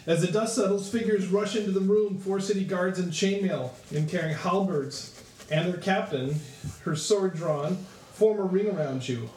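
A man's voice: sits high, normal speed, darkish tone. A man narrating as game master of a tabletop game, rambling with many fillers. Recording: echoey room with faint noise.

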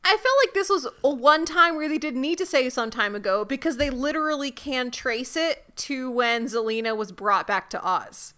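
A woman's voice: high voice, normal speed, few pauses, sharp tone. A woman co-hosting a podcast, adding dry, chatty asides to the recap. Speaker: podcast co-host. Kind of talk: casual recap chat.

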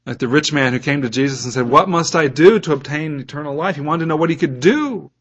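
A man's voice: fairly high pitch, fast talker, highs cut off. A man preaching a sermon as a pastor, reading scripture aloud and putting questions to his listeners.

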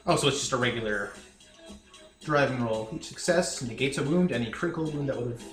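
A man's voice: mid-range voice, brisk, a bit bright, soft background music. A man playing a tabletop game, chatty and thinking aloud through his rolls. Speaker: player. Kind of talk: casual tabletop game play. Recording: echoey room.

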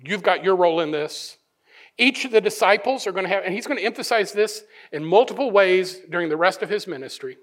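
A male pastor giving a sermon, animated, often restarting phrases and acting out the voices of people he quotes. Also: sits high, a little fast.

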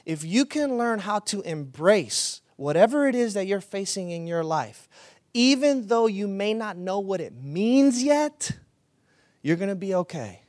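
A man preaching a sermon with an earnest, conversational delivery that turns animated when he tells stories. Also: high voice, unhurried, no echo, clean studio sound. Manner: animated storytelling, rising to loud excited retelling. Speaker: pastor.

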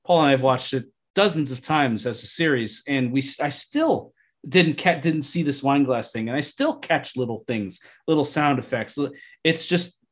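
Excitable male podcast co-host. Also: mid-range voice, moderate pace. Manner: enthusiastic, restarts often when excited. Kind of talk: casual discussion of a TV episode.

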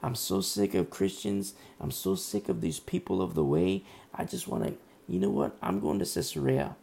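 A fed-up ancient king grumbles in exasperation, as a man puts him on. His voice is hoarse and deeply gravelly, and his tone is dark and mellow. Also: wildly swooping pitch, normal speed, full character voice. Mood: exasperated. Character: fed-up ancient king, male, adult, sick of everyone.

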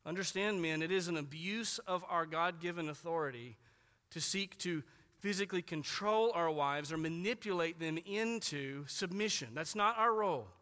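A man preaching a sermon in an emphatic way, repeating key phrases and slowing down to stress words. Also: a little high, pushed and bright, big-room sound. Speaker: pastor.

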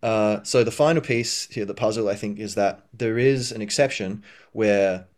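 A man with a fairly low voice hosts a podcast in a loose, reflective monologue. He rambles, restarts his sentences and fills the gaps with "um" and "you know", now and then jumping up in pitch to act out an imagined inner voice. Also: moderate pace, darkish tone. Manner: rambling, full of fillers and restarts. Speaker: podcast host.

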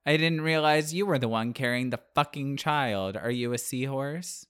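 A man firing off sarcastic jokes in casual podcast banter. His voice is smooth and clean at a medium pitch, recorded close and dry. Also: moderate pace, fairly bright tone, no room sound. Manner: sarcastic, snarky quips. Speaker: podcast co-host.

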